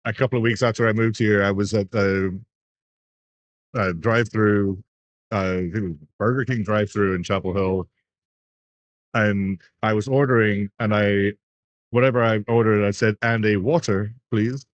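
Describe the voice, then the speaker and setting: A man's voice: fairly low pitch, steady tone, normal speed, long pauses, no room sound. A man from England chatting as a pool stream commentator, telling stories and laughing often. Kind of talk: casual commentary chat.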